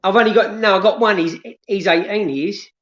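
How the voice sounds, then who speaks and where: A man's voice: high voice, fairly quick, fairly bright tone. A man calling into a livestream, chatting casually in an easygoing way. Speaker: caller on a livestream. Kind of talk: casual chat. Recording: echoey, dull video call audio.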